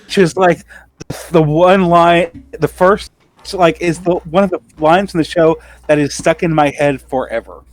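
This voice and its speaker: A man's voice: a little high, steady tone, measured pace. A man co-hosting a podcast in casual chat, making dry, offhand asides with plenty of filler words. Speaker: podcast co-host.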